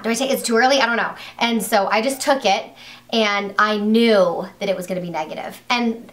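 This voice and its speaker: A young woman vlogger telling a personal story to camera in a rambling, excitable way, with many fillers and restarts. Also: mid-range voice.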